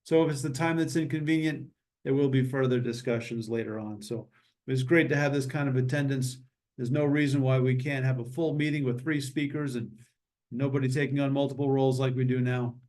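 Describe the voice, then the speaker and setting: A man hosting a memorial meeting over a video call, with an average pitch. His talk is loose and easygoing, with jokes and small detours as he invites others to speak. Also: brisk. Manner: relaxed, joking, meandering. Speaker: meeting host. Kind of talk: casual memorial meeting chat.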